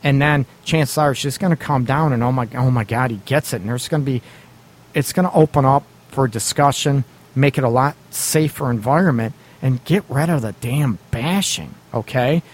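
A man's voice: medium pitch, normal speed. Guy hosting a radio advice show, blunt, cusses a bit, laughs a lot. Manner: blunt, swears casually, laughs often, acts out quoted lines. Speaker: radio show host giving relationship advice. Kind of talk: casual radio talk.

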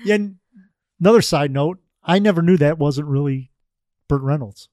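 A man's voice: on the high side, normal speed, darkish tone, no echo, studio quality. A man co-hosting a podcast in casual chat, dropping joking asides in an easygoing way. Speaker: podcast co-host.

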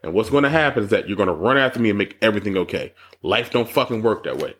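A man co-hosting a podcast in casual chat, telling stories with lots of profanity and jumping high when he mocks people. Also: rapid-fire, breathy edge. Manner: animated storytelling, profane, jumps high when mocking. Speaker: podcast co-host.

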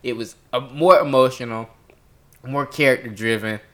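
A man's voice: medium pitch, normal speed. A man co-hosting a podcast in casual chat, swearing a lot and acting out quotes with energy. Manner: profane, animated, acts out quotes. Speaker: podcast co-host.

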